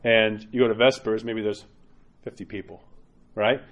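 A man's voice: fairly low pitch, flat delivery, moderate pace. A man giving an informal homily as an Orthodox priest, speaking directly and often ending points with a tag question. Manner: conversational and direct, many tag questions, acts out quoted parishioners.

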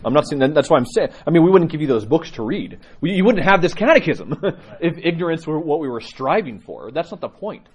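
A priest with a slightly husky voice answers questions from his catechism class. His pitch swings widely as he tells stories and chuckles between points, in a lively teaching manner. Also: fairly quick, few pauses. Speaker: Orthodox priest.

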